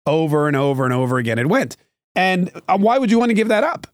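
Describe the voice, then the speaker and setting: Male commentator host, slightly higher voice, dry close mic, forceful and repetitive. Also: sing-song, fast, dry recording. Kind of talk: opinionated political monologue.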